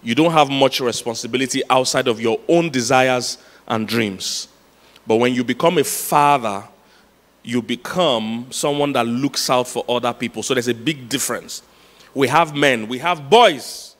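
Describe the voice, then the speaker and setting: Male pastor, mid-pitched voice, emphatic repeated lines, long church-hall reverb. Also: moderate pace, a bit bright. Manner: storytelling with laughs, emphatic repetition. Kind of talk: sermon.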